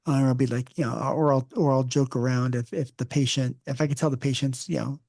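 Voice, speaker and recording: A male podcast host in a casual interview, telling relaxed stories with jokes. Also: mid-range voice, fairly quick, gravelly, hardly any pauses, dry recording, clean studio sound. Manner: relaxed storyteller who jokes.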